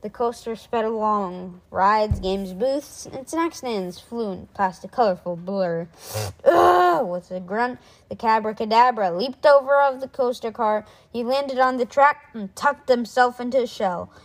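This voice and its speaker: A woman reading a children's chapter book aloud in a lively way, doing voices for the characters. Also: fairly high pitch, measured pace, hardly any pauses, low-quality recording. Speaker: reader.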